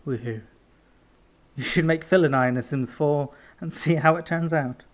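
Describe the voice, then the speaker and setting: Teasing, playful man with a higher voice. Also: normal speed. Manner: teasing and playful, laughs often. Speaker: podcast co-host. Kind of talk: casual podcast banter.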